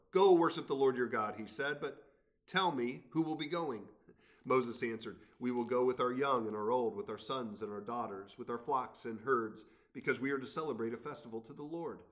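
A man's voice: mid-range voice, fairly bright tone. A man teaching the Bible in an earnest, expository way, reading passages aloud and commenting on them.

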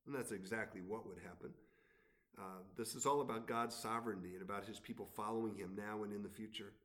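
A man's voice: fairly low pitch, brisk, fairly bright tone. A man teaching the Bible in an earnest, expository way, reading passages aloud and commenting on them.

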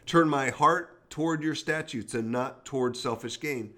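A man hosting a devotional podcast, reading scripture aloud at a steady pace and adding short plain comments. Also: mid-range voice, unhurried. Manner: reads scripture aloud with brief comments and prayer. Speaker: podcast host.

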